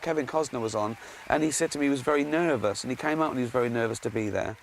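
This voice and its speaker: A man's voice: mid-range voice, very fast, gravelly, slight background noise. A man speaking as a comedian and guest expert, telling show-business anecdotes and laughing often. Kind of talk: anecdotal interview.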